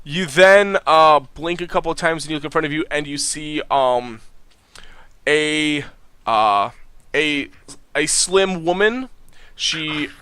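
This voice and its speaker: A young man narrates a tabletop game as game master, stumbling through fillers and restarts. His voice is bright and crisp, a little high, and close and dry. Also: no echo. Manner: halting, many fillers and restarts.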